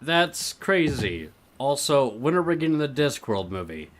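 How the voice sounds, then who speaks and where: A man's voice: medium pitch, very animated, measured pace. A man co-hosting a casual podcast, talking in a laid-back, agreeable way with sarcastic asides. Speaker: podcast co-host. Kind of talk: casual chat.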